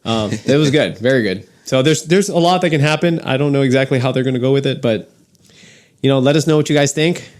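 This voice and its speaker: A man's voice: medium pitch, fast, a little mellow. A man co-hosting a podcast in casual chat, rambling and stumbling over names with lots of fillers. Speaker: podcast co-host.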